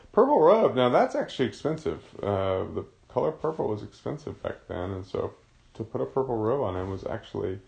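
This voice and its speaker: A man's voice: on the low side, gravelly, darkish tone. A man teaching a casual Bible study, explaining a passage in a conversational way.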